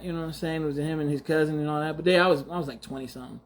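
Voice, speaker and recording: A man's voice: on the high side, steady tone, very fast. A man in his forties hosting a podcast, talking in a casual, slangy, mock-outraged monologue with frequent laughter. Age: 40s. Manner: slangy, teasing. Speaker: podcast host.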